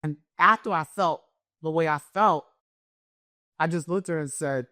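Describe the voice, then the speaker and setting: A middle-aged woman with a naturally loud voice, a guest telling an emotional personal story and acting out what others said. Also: low voice, moderate pace, pauses often, no room sound, studio quality. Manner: animated, acts out what others said.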